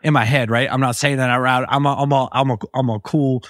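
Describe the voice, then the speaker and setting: A man hosting a podcast tells a story in a loose, profane monologue. He slips into the voices of the people he quotes, and his voice sits at an ordinary pitch for a man. The recording is close and dry, with no room echo. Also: fairly even intonation, fast talker. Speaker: podcast host.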